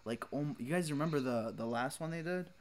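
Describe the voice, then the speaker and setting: A man's voice: a little high, expressive, fairly quick. A man co-hosting a casual podcast chat, opinionated and laughing often, swearing freely as he complains. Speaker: podcast co-host.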